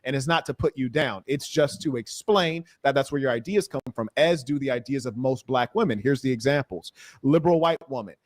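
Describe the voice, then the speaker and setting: A man arguing forcefully in a livestream debate, mocking the views he opposes. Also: medium pitch, fairly quick. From California-educated; black American. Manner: combative, mocking imitations.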